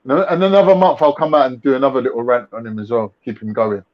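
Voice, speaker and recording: A man's voice: mid-range voice, fairly even intonation, fast talker. A young man with a London accent hosting a casual livestream chat, full of mocking slangy banter. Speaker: livestream host. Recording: lo-fi livestream audio.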